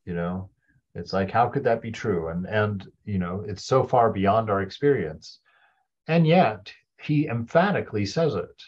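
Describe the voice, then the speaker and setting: Male spiritual teacher, low husky voice, chatty and chuckling, dull lo-fi recording. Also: expressive, unhurried, a little mellow. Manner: chuckles often, loose and conversational; restarts and repeats words when searching for phrasing. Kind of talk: informal dharma talk to a group.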